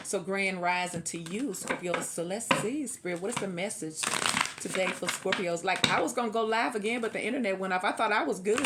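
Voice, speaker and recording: A woman's voice: medium pitch, normal speed, very noisy. Chatty woman reading tarot cards. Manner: chatty, laughs often, preachy encouragement. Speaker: tarot reader.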